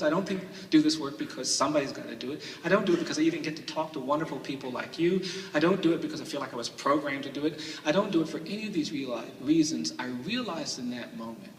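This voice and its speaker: Heard through a far-off microphone in a large, echoing summit hall with a little hiss or hum, a medium-pitched man speaks as a lawyer. His earnest, story-driven address leans on repeated phrases that swell into forceful rhythms.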